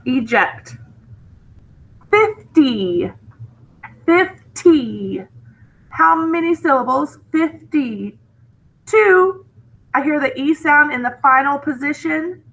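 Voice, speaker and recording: Slow, bright-voiced woman teacher. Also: sits high, expressive, rough recording. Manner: slow, patient, drawing out each word. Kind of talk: spelling lesson for young students.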